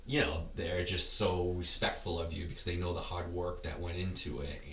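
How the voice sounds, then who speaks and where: A man's voice: sits low, flat delivery, normal speed, a bit bright, echoey room, distant mic, slight background noise. A man talking as a podcast guest in casual conversation, rambling and often restarting his words. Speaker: podcast guest, ultra race runner.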